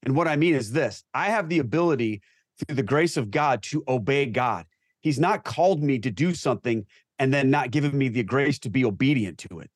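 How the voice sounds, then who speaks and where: A man's voice: mid-range voice, expressive, a little fast, dry recording. Earnest male guest, dry close sound. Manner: earnest, emphatic, reflective. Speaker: guest, Catholic convert. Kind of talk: earnest talk show discussion.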